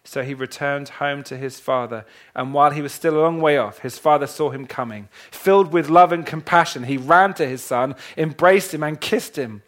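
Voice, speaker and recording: A man preaching to a congregation with a somewhat high voice. He tells a parable dramatically, dropping to a hush and then rising loud. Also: moderate pace, few pauses. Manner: dramatic, swings from hushed to loud. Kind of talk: sermon reading and retelling a parable. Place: church hall with a congregation.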